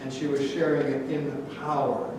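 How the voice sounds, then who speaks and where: A man's voice: mid-range voice, little pitch movement, normal speed, distant mic, noisy background. A male pastor preaching a sermon in a conversational way, telling stories with light humor. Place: church sanctuary. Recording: echoey church hall from afar.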